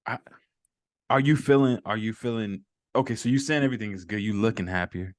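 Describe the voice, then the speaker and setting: A man's voice: lowish voice, a little fast, no echo, clean studio sound. A man hosting a casual conversation, emphatic and encouraging toward his guest. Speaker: host.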